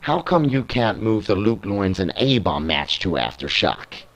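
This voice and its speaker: A man's voice: on the low side, very animated, measured pace, fairly bright tone, heavily acted, low-quality recording. Pushy tag-team wrestler, read by a British man. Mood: argumentative. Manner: challenging, pushy.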